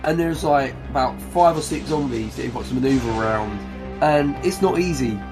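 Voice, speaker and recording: A man's voice: medium pitch, normal speed, over music. A man co-hosting a casual podcast about video games, rambling enthusiastically with restarts. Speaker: podcast co-host.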